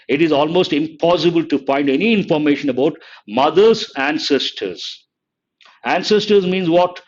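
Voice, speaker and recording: An older man teaching English vocabulary in a live online exam-prep lesson, explaining slowly and repeating words, sometimes scolding the chat. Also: fairly high pitch. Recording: dull lo-fi stream audio.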